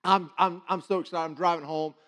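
A preacher relates a personal testimony in an animated, excited storytelling style. His voice sits slightly high for a man. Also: fairly quick. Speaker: guest preacher.

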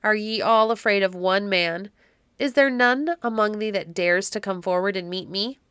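A woman's voice: on the low side, moderate pace, fairly bright tone, clean tone, no echo, clean studio sound. A woman reading as a stern proud knight. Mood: defiant. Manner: solemn old-fashioned speech, bold challenges. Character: stern middle-aged male knight, grim and proud.

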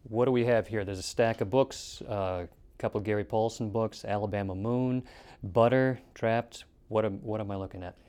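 A man's voice: lowish voice, steady tone, moderate pace, a little mellow. A man interviewing teachers, asking curious questions.

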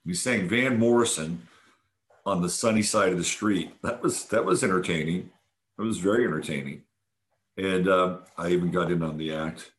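This podcast host, low-pitched and at a moderate pace, enthusiastically recaps a weekend event. It's a loose monologue, heavy on fillers and restarts.

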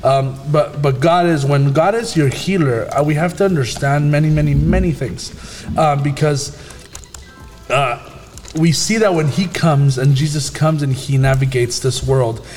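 A man hosting a casual faith discussion, talking in a halting way with many fillers and restarts. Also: a little high, a little mellow, big-room sound, soft background music.

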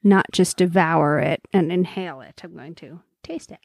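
A woman's voice: lowish voice, moderate pace, creaky, a little mellow, no echo. Woman cohost chatting about food while eating, laughs a lot, dry mic. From Canada. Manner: chatty, laughs often, eats while talking. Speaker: podcast co-host. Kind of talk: casual food-tasting chat.

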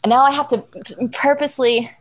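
A woman's voice: high-pitched, a little fast, poor audio. A woman in her thirties telling a funny story in casual chat, acting out the people she quotes and laughing often. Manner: animated storyteller, acts out quoted voices, laughs a lot.

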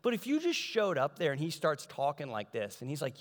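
Animated male preacher in a reverberant hall. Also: fairly high pitch, a little fast, few pauses. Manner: animated, conversational, acts out voices of the story. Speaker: pastor. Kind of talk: sermon.

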